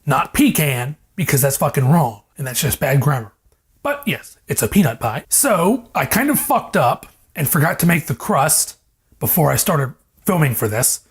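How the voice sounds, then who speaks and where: A young cooking vlogger, a little high-pitched and very animated, talks at a normal speed with a slightly rough voice. He rambles, jokes and swears through his casual home video, recorded on a lavalier mic in a kitchen where a fridge hums.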